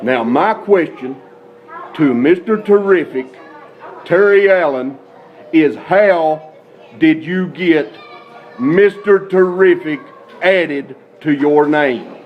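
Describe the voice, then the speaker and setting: A man's voice: fairly high pitch, slow, narrow, tinny audio. A man being interviewed as a wrestler, talking in a brash, hyped wrestling-promo style.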